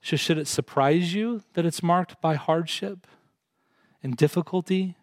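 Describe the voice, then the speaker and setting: A man's voice: a little high, unhurried, dry recording. A man preaching a sermon, earnest, putting direct questions to his congregation. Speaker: pastor.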